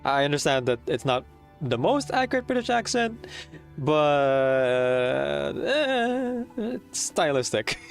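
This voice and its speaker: A man's voice: on the high side, big pitch swings, takes it slowly, gravelly, faint music behind. A man streaming a game, chatting casually and rambling with many fillers.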